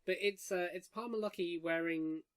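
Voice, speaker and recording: A man with a high-pitched voice hosts a casual gaming news podcast around a table with friends, speaking at a moderate pace. He's wry and rambling, with lots of fillers.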